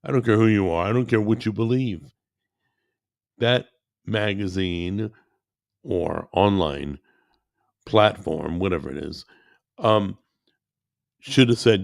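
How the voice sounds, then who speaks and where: A man's voice: on the low side, slow pace, creaky, pauses often, dry recording, studio quality. A man giving a heated political rant to his listeners, worked up and repeating himself. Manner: worked up, repetitive, addresses listeners as guys. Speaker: commentator.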